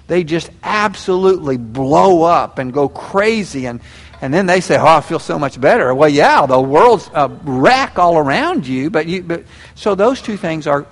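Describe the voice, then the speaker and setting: Animated pastor in a reverberant hall. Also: male voice, on the high side. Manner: folksy, animated, acts out little scenes. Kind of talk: sermon.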